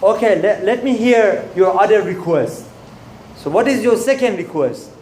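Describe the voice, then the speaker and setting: An irate emperor barks his scolding in a lifted, strained pitch, voiced by a male storyteller. His tone is haughty and short-tempered. The room behind him rings with echo. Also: animated, a little slow, darkish tone, slight background noise. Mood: indignant. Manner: indignant, scolding.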